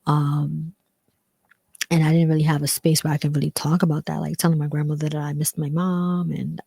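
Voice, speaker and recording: A woman talking candidly about growing up, rambling with many fillers and acting out other people in a higher voice. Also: little pitch movement, brisk, vocal fry, mellow, slightly rough, no room sound. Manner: rambling, frequent "like" and "um", acts out quoted voices higher. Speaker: vlogger. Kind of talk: personal reflective talk.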